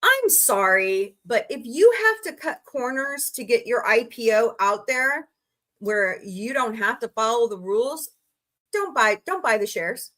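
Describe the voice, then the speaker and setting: A woman's voice: on the high side, very animated, a little slow, a bit bright. A woman from Missouri hosting a casual live stream, chatty and rambling with frank asides to her viewers. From Missouri, USA. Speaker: livestream host.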